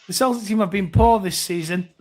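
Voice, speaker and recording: A chatty man with a rather high voice hosts a casual live phone-in. He rambles along as he reads out viewer comments, filling gaps with ums and asides. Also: brisk, a little mellow. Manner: chatty and rambling, many fillers. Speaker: host reading viewer comments.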